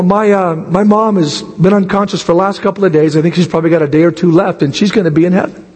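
A man with a raspy, hoarse voice preaches from the pulpit, and his pitch sits high for a man. His words ring out with long reverb in a church hall. He pushes toward shouting at the climaxes. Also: fairly even intonation, fast. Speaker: pastor. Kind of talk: sermon.

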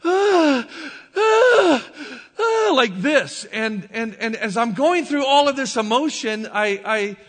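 A man preaching a sermon, telling a personal story in a halting, emotional way, stumbling over and repeating his words. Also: high-pitched, fairly bright tone, in a large hall. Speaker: pastor. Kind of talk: sermon testimony.

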